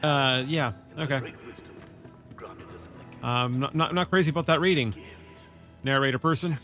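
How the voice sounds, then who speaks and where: A man's voice: mid-range voice, unhurried, pushed and bright, faint music behind. A man hosting a let's play, chatting casually and playfully as he reads in-game texts aloud. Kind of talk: casual gameplay commentary.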